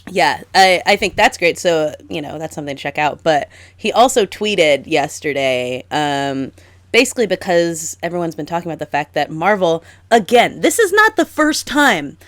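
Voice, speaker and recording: A young woman with a slightly low voice chats as a podcast co-host. Her talk is animated and exasperated, full of "like". The sound is dry and close. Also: normal speed, no echo. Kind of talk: casual chat.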